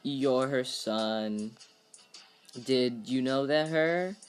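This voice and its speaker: A man's voice: medium pitch, very slow, soft background music. A man voicing a stern, protective older male butler who speaks curtly and dismissively, in a parody dub of a film script. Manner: curt, dismissive.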